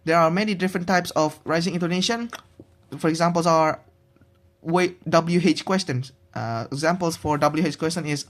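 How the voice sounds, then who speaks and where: A young man giving a recorded class presentation on pronunciation. He talks haltingly, restarts often and draws out his example words. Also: fairly high pitch. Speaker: student presenting a pronunciation assignment.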